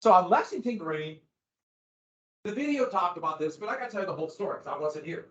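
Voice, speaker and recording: A man teaching a history class, lecturing in an animated way with asides and acted-out quotes. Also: high-pitched, fast. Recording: roomy, dull lo-fi classroom recording.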